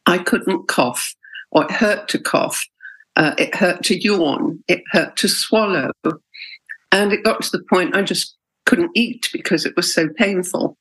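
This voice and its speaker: In a personal interview, a middle-aged patient recounts her experiences openly and with feeling, pausing in hesitation at times. Her voice is lowish, husky, and a bit bright, her pace measured, and the audio quality poor.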